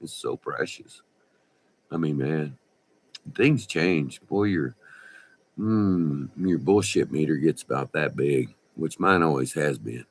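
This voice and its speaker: A man, telling a rambling, profane story in a folksy, animated way. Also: extremely low pitch, slow, husky. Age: 60s. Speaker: vlogger. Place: indoors by a window.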